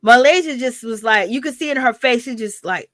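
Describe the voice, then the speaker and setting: A woman's voice: on the high side, animated, brisk, no echo. A woman giving casual, sassy gossip commentary on a reality show, calling her listeners girl and baby.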